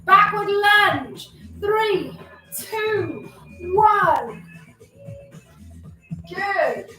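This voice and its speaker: High, bright-voiced woman fitness instructor. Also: lively intonation, drawn-out words. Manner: encouraging cues and countdowns, chatty asides. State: slightly out of breath. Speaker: exercise instructor. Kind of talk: live online exercise class coaching. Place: home room, indoors. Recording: roomy echo, distant from mic, faint music.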